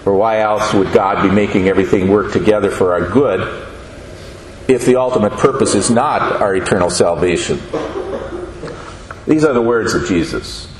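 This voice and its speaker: A man giving a sermon, speaking slowly and deliberately and asking the listeners questions. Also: lowish voice. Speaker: preacher. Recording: echoey room with faint noise.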